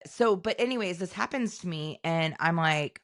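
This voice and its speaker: Low-pitched woman in her forties, podcast co-host, lively storyteller who acts out quotes. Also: moderate pace. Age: 40s. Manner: animated storytelling, acting out voices in quotes. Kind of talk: casual chat.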